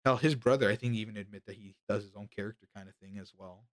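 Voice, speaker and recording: A man's voice: lowish voice, racing, fairly bright tone, no echo, clean studio sound. A man co-hosting a podcast, joking around in casual banter, stammering and swearing often. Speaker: podcast co-host.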